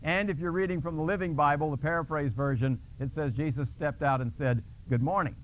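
A man's voice: fairly even intonation, fairly quick, a little hiss or hum. A male pastor preaching a sermon, retelling a scripture scene dramatically and explaining a word, with restarts and fillers. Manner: dramatic storytelling with sudden pitch jumps.

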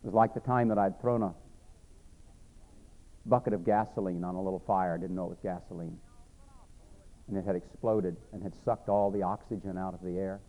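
A very deep-voiced man preaches his testimony, earnest and repetitive, swinging from raised passages to near-hushed ones. The sound is thin and narrow, like a phone line. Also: fairly even intonation, brisk, long pauses. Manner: earnest, repeats himself, rises then drops to a hush. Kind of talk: sermon testimony storytelling.

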